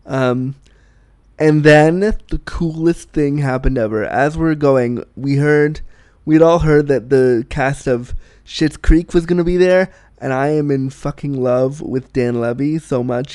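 A man's voice: mid-range voice, measured pace, darkish tone, no echo. A man hosting his own vlog, talking in a chatty, enthusiastic way with frequent restarts. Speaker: vlog host. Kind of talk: casual personal monologue.

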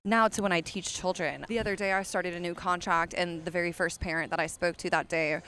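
A woman's voice: lowish voice, fairly even intonation, brisk, sharp tone, a little hiss or hum. A young woman co-hosting a podcast in a restaurant, chatting casually with a jokey, self-mocking manner. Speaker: podcast co-host. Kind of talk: casual chat.

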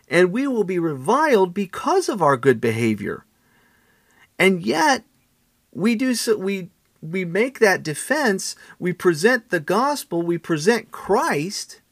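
A man teaching on a Bible passage in a preaching style, emphatic and repetitive, building his points to a forceful pitch. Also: dry recording, studio quality. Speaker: pastor.

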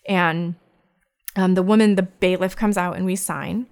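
A woman with a slightly low voice tells a personal story in conversation. She speaks candidly and reflectively, often halting and restarting her words. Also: fairly even intonation, a little mellow, smooth.

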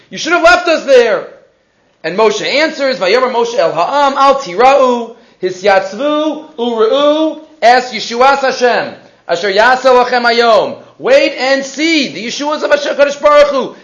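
A man gives a weekly Torah portion lesson in a strikingly high voice. He teaches with animation and poses rhetorical question after question. Hebrew phrases run all through his English explanations. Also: a bit bright, highs cut off.

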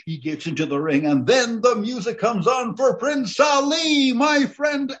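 A man telling a lively personal anecdote, building up to excited shouting at its peak. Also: very high voice, a little slow, dull audio. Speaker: storyteller.

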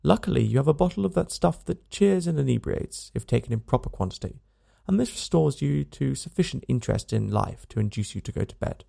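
Gravelly, mellow male audiobook narrator. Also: mid-range voice, lively intonation, a little fast. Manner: dry, wry storytelling. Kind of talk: scripted narration of a comic novel.

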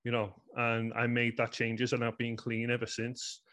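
A man's voice: medium pitch, completely flat delivery, normal speed, fairly bright tone. A man in his thirties with a Liverpool accent, earnestly telling a personal story in a rambling way, full of "you know" fillers. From England. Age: 30s. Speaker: guest.

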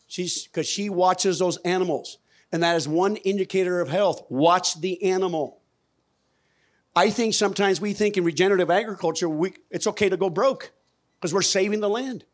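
A man with a slightly higher-than-average voice speaks from a conference stage into a microphone. He talks in a folksy, emphatic way and keeps putting questions to the audience. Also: moderate pace. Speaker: conference speaker on regenerative farming. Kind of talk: lively stage presentation.

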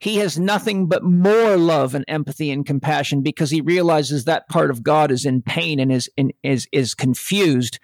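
Man, gravelly and slightly high, earnest spiritual podcast talk, dry. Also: moderate pace, hardly any pauses, no echo. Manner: earnest, reflective, quotes sayings.

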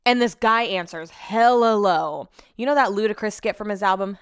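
A woman's voice: mid-range voice, brisk, fairly bright tone. A woman telling a rambling story in a casual, profane rant, jumping between asides. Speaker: vlogger.

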